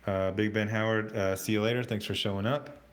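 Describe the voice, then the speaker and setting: A man hosting a casual livestream, reading out chat comments in a rambling, halting way with many fillers and restarts. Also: lowish voice, steady tone.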